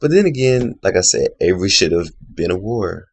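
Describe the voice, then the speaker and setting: A man with a low, husky voice talks through a reality show episode in a casual video review. He rambles, airs strong opinions, and leans on filler words. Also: sing-song, brisk, dry recording. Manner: rambling, opinionated, heavy on "you know" and "like".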